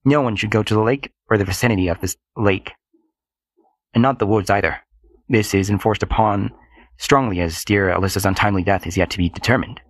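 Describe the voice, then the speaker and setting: A man voicing a calm male police officer giving formal, measured instructions. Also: on the low side, dry recording, natural voice.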